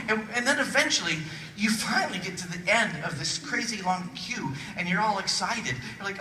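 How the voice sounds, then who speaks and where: At a normal speed and in a high voice, a man gives a humorous motivational keynote to a big conference audience, animated and doing little voices. Someone filmed it on a phone from the audience, so it sounds distant and echoey, with laughter and crowd noise.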